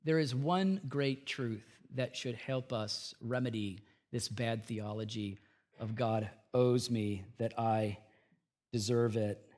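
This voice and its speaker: Speaking slowly in a mid-range voice, a middle-aged man preaches as his church's pastor, alternating between hushed sincerity and forceful, booming emphasis.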